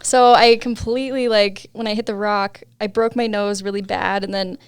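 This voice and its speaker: A woman's voice: medium pitch, steady tone, normal speed, clean tone, no room sound, studio quality. A young adult woman, a podcast guest, telling a story in casual chat, laughing often and saying "like" a lot.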